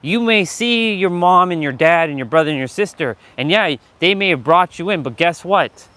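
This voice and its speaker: Fired-up and preachy, a livestream host delivers motivation to his chat, cursing freely and calling viewers out directly by name. His high-pitched voice is sharp yet clean, with lively intonation at a moderate pace, in a dry recording.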